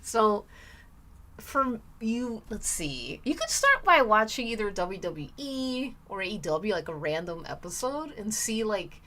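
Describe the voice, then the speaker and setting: A young woman streaming live, chatting casually and rambling with lots of fillers, now and then bursting into excited squeals. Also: mid-range voice, a little slow.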